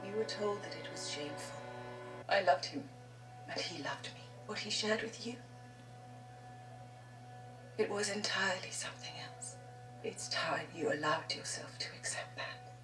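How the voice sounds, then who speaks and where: An actress playing a poised aristocratic woman in a TV drama, speaking in a measured, earnest way that drops low and intense. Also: lightly acted. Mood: hushed. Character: poised aristocratic woman confronting an old love. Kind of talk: TV drama dialogue. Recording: roomy clip with music underneath.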